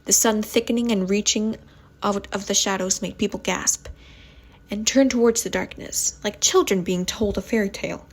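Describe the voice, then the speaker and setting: A woman on an ASMR channel reading a spooky story aloud at home, softly, often stumbling over words and restarting them. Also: medium pitch, normal speed.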